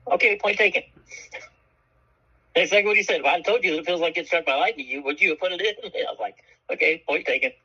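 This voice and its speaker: A man co-hosting a radio show tells a story with a bright, edgy, slightly husky voice, cursing freely and acting out each person he quotes. The broadcast sound is dull and muffled. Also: sits high, fast. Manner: animated, profane, acts out quoted voices. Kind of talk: casual storytelling chat.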